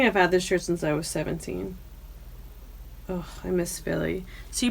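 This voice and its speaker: A woman hosting her own podcast in casual chat, loud and profane, often bursting into yelling. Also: lowish voice. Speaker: podcast host.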